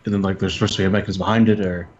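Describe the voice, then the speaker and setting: A man playing a tabletop game, relaxed and thinking aloud. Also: low-pitched, very fast, dull audio, a little hiss or hum. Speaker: player. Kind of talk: casual tabletop game play.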